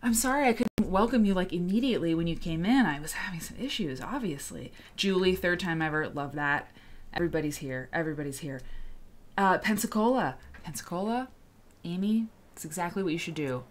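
A woman's voice: fairly low pitch, lively intonation, brisk. A woman hosting a casual livestream, chatty and rambling, greeting viewers in the chat by name. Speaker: host.

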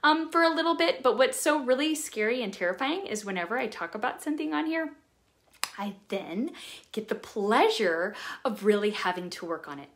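A woman vlogger talking casually to her viewers, chatty and animated as she shares personal reflections. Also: fairly high pitch, moderate pace. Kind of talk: casual talk to camera.

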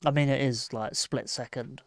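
A man's voice: medium pitch, fairly even intonation, moderate pace, no echo. An English man co-hosting a casual football chat, blunt and mocking in his verdicts. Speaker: football podcast co-host.

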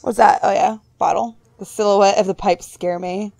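A woman's voice: steady tone, moderate pace, gravelly, darkish tone, dry recording. A young woman casually commenting as she plays a horror game, reading text aloud and joking to herself. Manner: squeals in high-pitched surprise. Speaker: gaming YouTuber. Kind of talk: let's play commentary.

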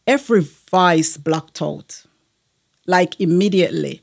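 A woman's voice: medium pitch, normal speed, creaky. A woman, a guest sharing a personal testimony in an earnest manner, with frequent fillers.

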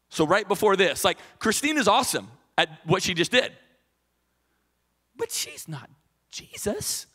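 A pastor delivering a sermon in a high, ringing voice. He talks to the congregation like a friend, animated and quick to restart a thought. He acts out quotes along the way. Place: church stage.

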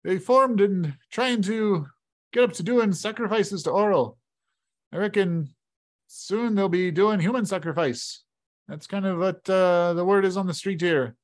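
A man voicing a folksy male tavern keeper who talks in a rustic drawl and pauses to think mid-sentence. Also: high voice, voice pushed up. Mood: gossipy, grim.

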